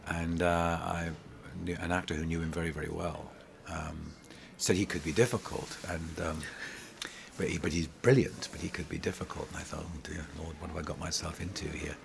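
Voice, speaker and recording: A middle-aged man with a very low, gravelly voice tells rambling stage stories, restarting often as he goes. He sounds lively and conversational, as in an interview. A faint hiss sits under the recording. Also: moderate pace. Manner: animated, rambling anecdotes with many restarts. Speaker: pantomime actor, interview guest. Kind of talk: casual interview storytelling.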